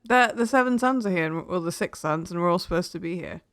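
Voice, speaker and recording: A player in a tabletop game speaks in character in a casual tone. The delivery is breezy and joking, with quick asides to the table. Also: mid-range voice, a bit bright, dry recording, studio quality.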